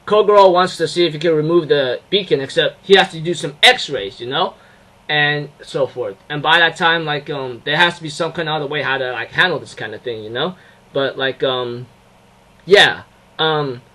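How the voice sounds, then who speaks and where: A young man giving a casual anime episode review, excitable and rambling, with many fillers and restarts. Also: fairly high pitch, low-quality recording.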